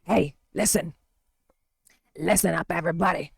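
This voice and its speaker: A woman voicing a raspy older caller who has come out of retirement and talks in a proclaiming, apologetic way. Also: fairly low pitch, moderate pace, no room sound, exaggerated voice.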